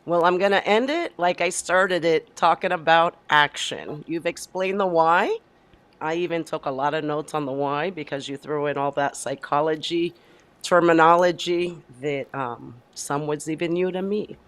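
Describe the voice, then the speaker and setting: A woman's voice: deep voice, normal speed. A woman speaking as a panel guest on an online panel, direct and purposeful. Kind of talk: casual online panel talk.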